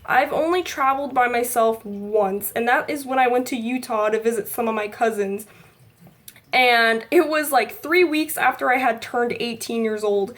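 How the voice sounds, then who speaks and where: A woman's voice: on the high side, moderate pace, fairly bright tone. A woman, chatting casually to camera in a rambling vlog full of likes and ums. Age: 20s. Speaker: vlogger.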